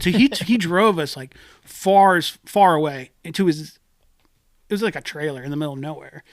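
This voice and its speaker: A man's voice: on the high side, fairly quick, no echo, clean studio sound. A young man on a podcast, telling a wild story in casual talk, swearing and acting out the people he quotes. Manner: animated, swearing, acts out quoted voices. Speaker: podcast co-host. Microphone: studio podcast mic.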